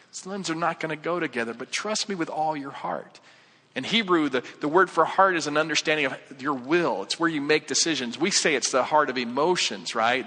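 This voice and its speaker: A man's voice: fairly high pitch, sharp tone, in a large hall. A male pastor preaching casually, joking with the congregation and acting out the voices in his stories. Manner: conversational, jokey, acts out quoted voices. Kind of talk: sermon with acted-out story.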